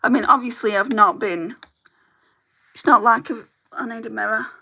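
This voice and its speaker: A chatty woman talks through her makeup routine, candid and conversational. Her voice sits a little high, with a sharp, bright tone and a noticeable vocal fry underneath. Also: moderate pace. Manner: chatty, candid storytelling with laughs. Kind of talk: casual chat while doing makeup.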